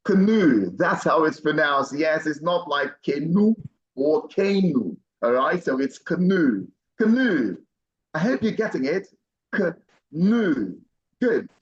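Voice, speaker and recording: A man teaching pronunciation in an online class, encouraging and repeating each word slowly several times. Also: a little high, a bit bright, highs cut off. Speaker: pronunciation coach.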